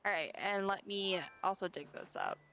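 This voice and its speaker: A woman's voice: medium pitch, lively intonation, normal speed, a bit bright, faint music behind. A woman streamer chatting casually while playing a game, giggling and talking to the characters on screen. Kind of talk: casual gameplay chat.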